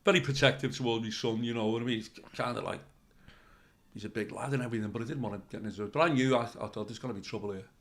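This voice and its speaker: An older man, a comedian telling stories in an interview, animated and swearing freely as he acts out the people in them. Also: medium pitch, very fast. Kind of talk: anecdotal interview storytelling.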